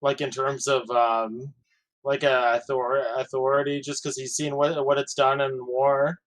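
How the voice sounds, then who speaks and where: A man's voice: mid-range voice, flat delivery, unhurried, poor audio. A man playing a tabletop game, speaking hesitantly with many fillers. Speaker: player. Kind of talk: tabletop game play, casual.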